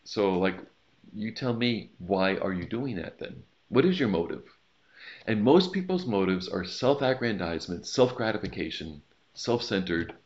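A man preaching a sermon in a relaxed, conversational way, with asides and a told joke. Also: on the low side, moderate pace. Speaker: pastor. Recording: slightly dull lo-fi recording.

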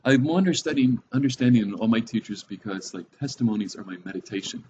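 A man's voice: on the low side, expressive, quick pace, warm tone, lo-fi sound, slight background noise. A middle-aged man giving a casual, conversational Bible teaching, thinking aloud with fillers and asides.

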